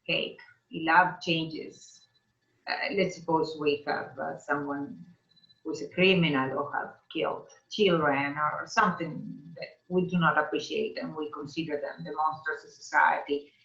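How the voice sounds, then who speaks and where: A woman speaking as a guest on a video call, reflective and musing with hesitant pauses. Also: low-pitched, fairly even intonation, creaky, fairly bright tone, echoey room, lo-fi sound. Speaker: interview guest.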